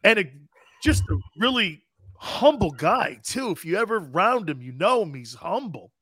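Man, middle-aged, sports radio host, conversational, high voice, dry close mic. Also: very animated, moderate pace, bright, forceful tone, slightly rough, no echo. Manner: conversational, asks questions, adds asides. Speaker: sports talk host, former pro player. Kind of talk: casual sports radio chat.

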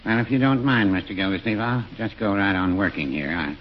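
Hesitant small-town druggist, played by a man; low, mild, lively lilt. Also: a little fast, natural voice. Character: timid middle-aged male druggist, hesitant. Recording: dull old radio recording, faint hiss.

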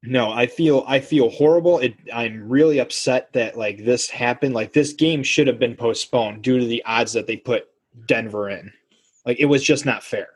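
A podcast co-host talks sports casually and animatedly in a husky, mid-range voice at normal speed. He acts out quotes in different voices.

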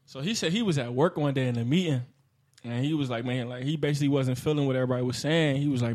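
A man's voice: medium pitch, fast talker, darkish tone. A man in casual podcast chat, joking around and telling a story about his father. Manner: jokey, laughs through his lines.

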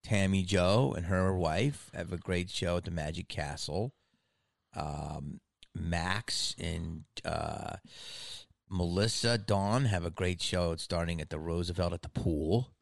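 A man's voice: low-pitched, slow pace, vocal fry, no echo, clean studio sound. A man hosting a podcast, talking in a rambling, casual way with frequent laughs and easy swearing. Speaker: podcast host. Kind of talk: casual chat.

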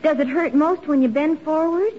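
A woman's voice: high voice, moderate pace, natural voice. An actress playing a naive, scatterbrained young woman in 1940s radio acting style, sweet and earnest. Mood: chirpy. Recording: dull old radio broadcast.

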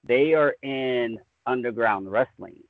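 A man's voice: medium pitch, takes it slowly, no echo. A laid-back man with a Southern drawl who rambles in a friendly way through an interview. His voice sits mid-range and comes through dry and thin, as though carried over a phone line. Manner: easygoing, rambling, says "man" a lot. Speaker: guest. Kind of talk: casual podcast interview. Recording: tinny phone-like remote line.

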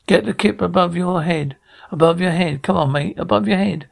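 An actor playing a brash man running a two-up game, calling loudly and pushing the crowd to bet. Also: high-pitched, moderate pace, gravelly. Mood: rowdy. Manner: loud, pushy crowd calling. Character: brash male two-up ringkeeper, adult. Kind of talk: drama dialogue.

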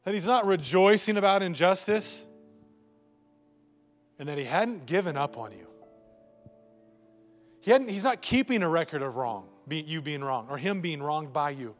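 A man's voice: a little high, lively intonation, normal speed, pauses often, soft background music. A male pastor preaching a live sermon in church, joking and asking the congregation rhetorical questions. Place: church sanctuary before a congregation.

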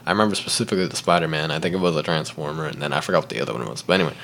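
A young man, a podcast guest, telling a school story in a casual, animated way, acting out the people in it and laughing often. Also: extremely low pitch, very fast, vocal fry, a little hiss or hum. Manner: animated, acts out quotes, laughs often, says "like" and "right?".

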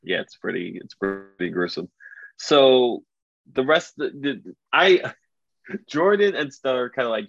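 A man casually retelling a story as a podcast co-host, animated and loose, full of filler words. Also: mid-range voice, measured pace, gravelly, dry recording. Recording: dull lo-fi dry recording.

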